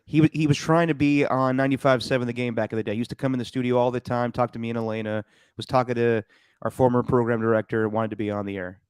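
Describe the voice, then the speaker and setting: A man's voice: mid-range voice, smooth, no echo. A man hosting a casual sports podcast, joking and bantering with his co-host. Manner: joking, quick banter, lively asides.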